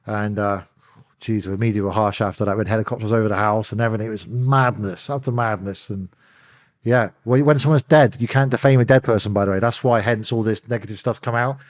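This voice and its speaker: A man's voice: on the low side, quick pace. A middle-aged man, telling stories as an interview guest and acting out the phone calls he describes. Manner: animated storyteller, acts out phone calls. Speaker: interview guest, former bodyguard. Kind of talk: candid storytelling in an interview.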